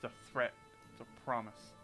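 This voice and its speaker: A man's voice: normal speed, rough recording. Man streaming a game, casual and chatty, joking, swears, game music behind. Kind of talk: live-stream gameplay commentary.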